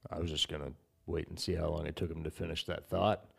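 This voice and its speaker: A man's voice: a bass voice, little pitch movement, quick pace, gravelly, slightly rough. A young man co-hosting a casual comedy podcast, exasperated and trying to steer the talk back on track. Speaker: podcast co-host.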